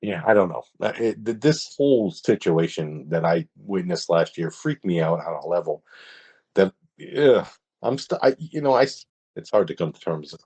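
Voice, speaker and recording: A man with a deep, slightly husky voice talks as a podcast guest. He tells his story casually and stumbles, stops and restarts as he goes. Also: expressive, darkish tone. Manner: hesitant, halting, with many restarts.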